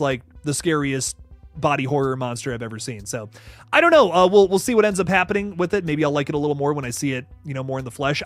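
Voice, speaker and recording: A man hosting a casual horror news chat, answering viewer comments in an animated, rambling way with frequent restarts. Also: on the high side, no echo.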